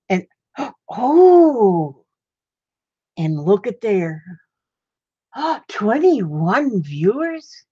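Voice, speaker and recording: A woman's voice: medium pitch, no echo. An older woman hosts a casual livestream from home, chatty and easily delighted, dropping little exclamations as she rambles along. The sound is dry and close, with a dull, lo-fi tone. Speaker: livestream host.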